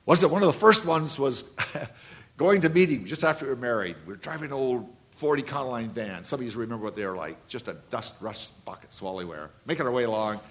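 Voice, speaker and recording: A man around seventy preaching a sermon, telling anecdotes and repeating key phrases, swinging between loud and hushed delivery. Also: mid-range voice, expressive, quick pace.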